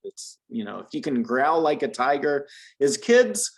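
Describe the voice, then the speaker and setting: A man from the United States giving a one-on-one Spanish lesson to a beginner. He explains patiently, backing up and restarting his sentences, and his pitch jumps up and down with lively emphasis. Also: measured pace, a little hiss or hum. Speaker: Spanish teacher.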